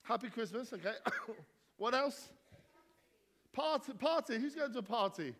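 Brief: male vicar, high bouncy voice, jokey crowd banter, long church-hall reverb. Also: expressive, a little slow, a bit bright. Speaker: vicar leading a church gathering. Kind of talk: playful banter with the congregation.

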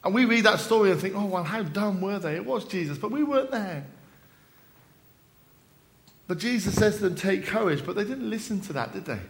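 A man's voice: high-pitched, expressive, fairly quick, pauses often. A man giving an evening sermon at a church service, retelling a story with dramatic rises and falls and quoted lines. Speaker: preacher.

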